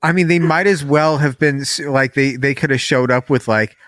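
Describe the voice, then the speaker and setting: A man's voice: medium pitch, steady tone, moderate pace, fairly bright tone. A man co-hosting a podcast in casual chat, making rambling, joking asides. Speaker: podcast co-host.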